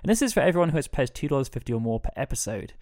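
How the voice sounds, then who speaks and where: A man co-hosting a gaming podcast in casual, jokey chat, reading announcements briskly. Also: mid-range voice, big pitch swings, a little mellow, dry recording, studio quality. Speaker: podcast co-host.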